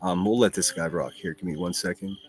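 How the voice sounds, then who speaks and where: A man's voice: low voice, a little fast, faint music behind. A man from Pittsburgh with a Pittsburgh accent, hosting a livestream and chatting casually and profanely while reading out names from the chat. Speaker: livestream host.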